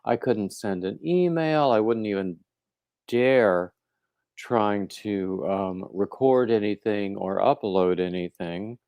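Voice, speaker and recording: A man hosts a casual livestream, talking slowly in a fairly low voice. He rambles and restarts his sentences, filling gaps with ums and uhs, and greets viewers by name. The sound is dry and close, with no room echo. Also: smooth, highs cut off. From coastal North Carolina. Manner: rambling, halting, full of fillers and restarts. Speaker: crochet livestream host.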